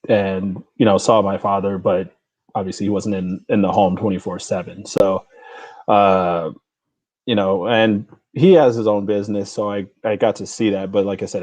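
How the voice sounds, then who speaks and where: Low-voiced easygoing man. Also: a little mellow, no echo. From United States. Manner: easygoing, chuckles often, halting with many fillers. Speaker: guest, Navy veteran and father. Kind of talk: casual podcast interview.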